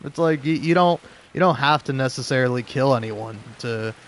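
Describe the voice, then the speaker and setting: A young man at an ordinary, middle pitch talks his thoughts through while he plays. He rambles in a halting way, restarts his sentences often and leans on filler words as he circles an idea. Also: a little hiss or hum. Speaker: gaming video creator. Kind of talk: rambling musing commentary while playing.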